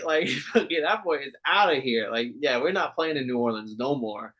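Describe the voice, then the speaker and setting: In a laid-back sports conversation, this man co-hosting a podcast talks football in a mid-range voice at a moderate pace. His manner is lively, with frequent laughter and swearing.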